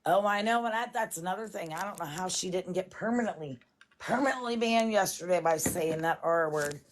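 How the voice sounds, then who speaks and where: A woman's voice: lowish voice, fairly quick. A woman, chatting casually on a livestream from her home kitchen and talking in long, rambling stretches. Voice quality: rambling, fond of "it's like".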